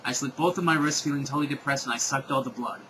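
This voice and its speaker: A man's voice: medium pitch, quick pace, bright, forceful tone, a little hiss or hum, low-quality recording. Exasperated man doing a comic reading. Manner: exasperated, sarcastic. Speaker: host reading fan fiction aloud. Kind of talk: comedic dramatic reading with commentary.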